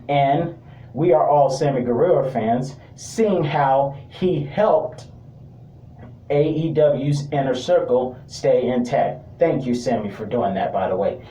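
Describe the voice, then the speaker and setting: A man's voice: mid-range voice, slow pace, mellow. A man giving a casual wrestling review, rambling with joking asides. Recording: roomy sound, distant mic.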